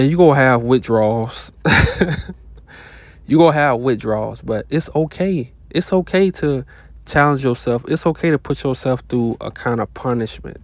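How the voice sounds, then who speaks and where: A man's voice: mid-range voice, a little mellow, no room sound. A man talking straight to camera in a casual, profane motivational monologue, full of slang and short laughs. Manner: blunt, profane, slangy, laughs between points. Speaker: self-help vlogger.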